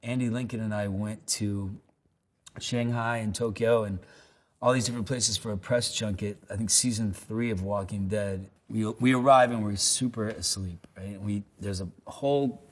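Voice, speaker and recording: Laid-back rambling man, low voice. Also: fairly even intonation, moderate pace. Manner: laid-back, rambling, self-deprecating storyteller. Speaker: actor answering web search questions. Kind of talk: casual unscripted answers and anecdotes. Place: lives in New York.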